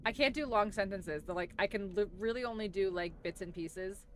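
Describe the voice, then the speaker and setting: A woman's voice: medium pitch, brisk, a little hiss or hum. Giggly woman. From New Zealand. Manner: giggly, rambling, self-deprecating. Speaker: streamer. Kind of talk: casual gaming stream chat.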